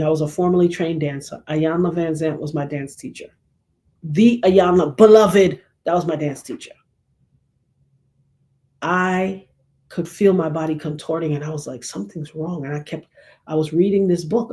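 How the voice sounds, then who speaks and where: A woman's voice: low voice, normal speed. A middle-aged woman hosting her own show, talking with preacher-like emphasis and acting out quotes. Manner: animated preacherly, acts out quotes. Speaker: show host. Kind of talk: casual commentary monologue.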